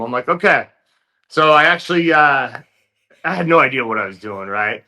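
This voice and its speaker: A man sits as a guest in an interview and tells his story in a loose, easygoing way, leaning on plenty of fillers. His voice has a bright, forceful edge at a middle pitch. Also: moderate pace. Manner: relaxed, filler-heavy storytelling. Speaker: interview guest, fighter turned actor.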